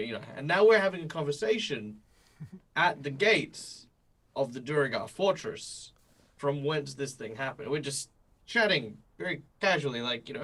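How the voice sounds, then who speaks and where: A man chats as a player in a tabletop game, animated and full of quick asides. His voice is bright and forceful, at a middle pitch. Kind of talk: casual chat during tabletop game.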